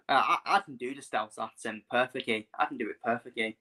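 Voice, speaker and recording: A man's voice: mid-range voice, brisk, hardly any pauses, sharp tone. A man hosting a live football watchalong, chatting bluntly and casually, swearing freely and repeating himself.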